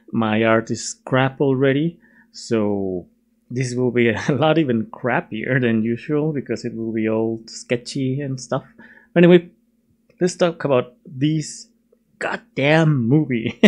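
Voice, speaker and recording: Casting: young male reviewer, loose and rambling, quick to laugh at himself, mid-range voice. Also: mid-range voice, a little mellow. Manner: chatty, laughs often, self-mocking. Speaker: video reviewer. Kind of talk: casual rambling review while drawing.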